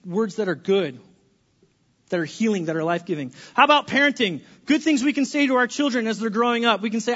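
Male pastor, high voice, dynamic sermon delivery, church sanctuary, dull lo-fi sound. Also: expressive, quick pace. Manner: dynamic preacher, swings from hushed to loud and playful.

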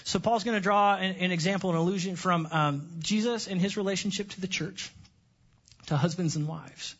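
A man preaching a sermon as pastor, animated, joking and sarcastic with his congregation. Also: high-pitched, normal speed, lo-fi sound.

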